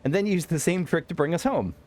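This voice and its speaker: A man's voice: a little high, animated, fairly quick, a little mellow, voice pushed up, lightly acted. A man reading game dialogue aloud as a cheerful young woman assisting a detective, chatty and upbeat.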